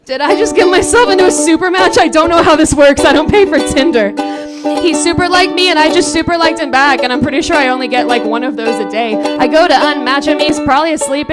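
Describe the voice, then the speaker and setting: A woman in her late twenties performing a comedic sung story live on a saloon stage, wry and profane, with spoken asides between verses. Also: sits high. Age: late 20s. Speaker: comedic singer-songwriter. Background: her own ukulele accompaniment.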